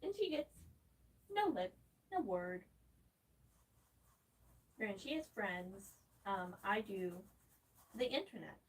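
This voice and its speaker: A woman's voice: mid-range voice, lively intonation, takes it slowly, long pauses, slightly rough, rough recording. A young woman rambling and swearing in casual commentary, talking back at a tutorial video while she paints. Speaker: gaming vlogger.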